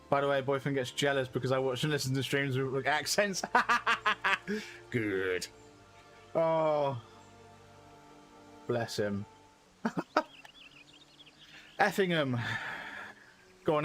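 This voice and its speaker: Chatty game streamer. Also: male voice, medium pitch, animated, takes it slowly, pauses often, a bit bright, soft background music. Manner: musing, self-correcting. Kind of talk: casual chat while playing.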